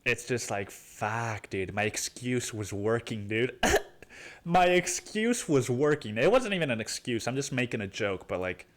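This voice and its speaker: A young man hosting his own podcast, rambling and swearing casually, saying "dude" constantly and jumping into mock voices. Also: measured pace. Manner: animated, jumps into high mock voices. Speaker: podcast host. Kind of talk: casual solo podcast monologue.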